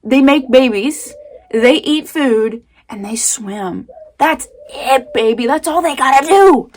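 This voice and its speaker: A woman vlogging an emotional casual rant from home, rambling and swinging between muttering and loud outbursts. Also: high voice, measured pace.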